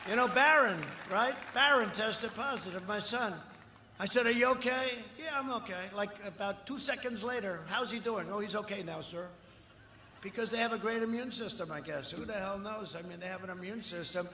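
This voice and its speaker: An older man speaking at a campaign rally, rambling and boastful, swinging between shouted lines and muttered asides. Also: high voice, fairly quick. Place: outdoor rally. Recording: echoey outdoor rally with long reverb and faint crowd noise.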